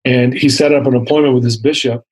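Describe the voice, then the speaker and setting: A man's voice: medium pitch, steady tone, fast, darkish tone, low-quality recording. Male interview guest in his fifties. Earnest storyteller who acts out the quotes. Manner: earnest, vivid retelling with acted-out quotes. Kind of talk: personal storytelling.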